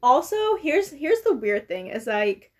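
A woman's voice: high voice, big pitch swings, measured pace, a little hiss or hum. A young American woman chatting casually with a friend, often trailing off mid-thought. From United States. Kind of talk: casual chat.

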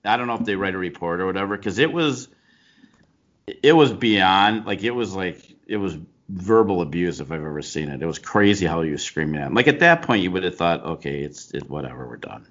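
Very deep-voiced man telling a story. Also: a little fast, lo-fi sound. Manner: animated storytelling, frequent restarts and laughs. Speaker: co-host, baseball coach. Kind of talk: casual chat.

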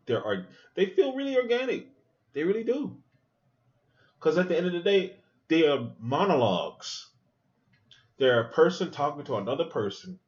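A podcast host watches a movie and reacts aloud, talking casually with plenty of profanity, animated asides and thinking out loud. His voice is on the high side at normal speed, he pauses often, and the sound is lo-fi.

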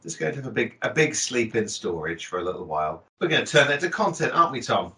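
Bright-voiced man, chatty. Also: mid-range voice, sing-song, fast. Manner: chatty and jokey, with self-corrections. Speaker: podcast co-host. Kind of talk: casual chat.

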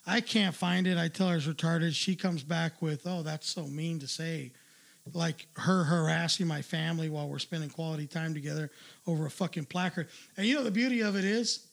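A man's voice: fairly high pitch, fairly quick, gravelly. A man hosting a livestream, telling a crude story in a profane, ranting casual way. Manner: profane, ranting, loud asides. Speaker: livestream host.

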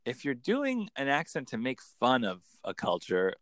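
A man, a coach explaining in an enthusiastic conversational interview with quick acted examples. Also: medium pitch, wildly swooping pitch, a bit bright, no room sound. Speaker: accent coach.

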